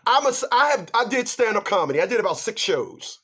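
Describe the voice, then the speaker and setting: Guy with a pretty high voice going off to the camera, emphatic, stumbles and repeats himself. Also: big pitch swings, fast talker, bright, forceful tone, breathy edge. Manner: emphatic, stammers and repeats, talks straight to the audience. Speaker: vlogger giving relationship advice. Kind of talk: animated ranting monologue to viewers.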